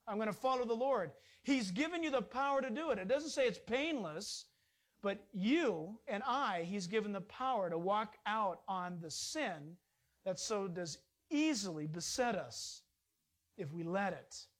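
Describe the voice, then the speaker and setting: A man's voice: high-pitched, animated, measured pace. A man preaching a sermon as pastor, conversational and emphatic, with sudden rises in his voice.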